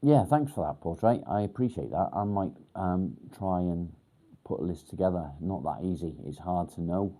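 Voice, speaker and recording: A man a low, mellow voice chats casually on a livestream. He talks in halting bursts, stops often to think and fills the gaps ums. He swears now and then in a relaxed way. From England, near Warrington. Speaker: livestream host. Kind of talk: casual live chat reading comments.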